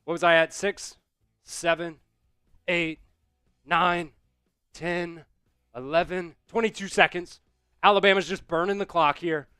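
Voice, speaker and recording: A man calling a basketball game as an excited fan host on a live stream, out of breath from doing squats. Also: high-pitched, unhurried, long pauses, clean tone, dry recording, clean studio sound. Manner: rowdy, chanting and yelling in celebration.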